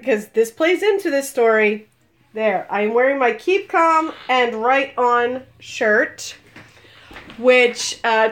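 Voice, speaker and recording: Animated woman in her forties telling a story. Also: fairly high pitch. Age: 40s. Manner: animated, laughing storyteller with exclamations. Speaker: vlogger. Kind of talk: storytelling on a live video.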